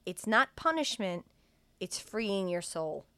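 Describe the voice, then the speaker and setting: A young woman casually recapping a film for her co-host, laughing often and jumping into loud, raised voices when she quotes the characters. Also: medium pitch, very animated, takes it slowly, smooth, no echo. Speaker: podcast co-host retelling a film. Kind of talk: casual chat, recapping a movie scene by scene.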